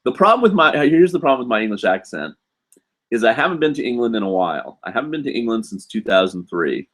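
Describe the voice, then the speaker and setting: A man's voice: medium pitch, very animated, fast talker, fairly bright tone. A man hosting a casual live stream from home, chatting loosely with lots of fillers and restarts. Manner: rambling, many fillers and restarts.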